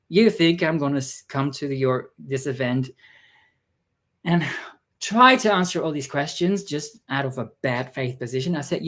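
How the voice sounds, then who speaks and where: A man vlogging a casual story, exasperated and sarcastic, acting out the people he quotes with sudden jumps in pitch. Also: a bit bright. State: tired.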